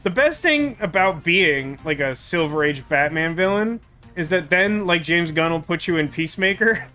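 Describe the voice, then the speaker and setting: A man's voice: on the high side, lively intonation, moderate pace, pushed and bright. A man giving casual, rambling, joking commentary as he plays a game. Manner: joking, rambling, self-deprecating. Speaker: let's play host. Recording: faint game music behind.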